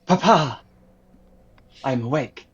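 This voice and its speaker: A man voicing an eager, childlike robot construct that calls out loudly and proudly to its maker. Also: slow pace, breathy edge, lo-fi sound, exaggerated voice. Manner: shouted, high and excited.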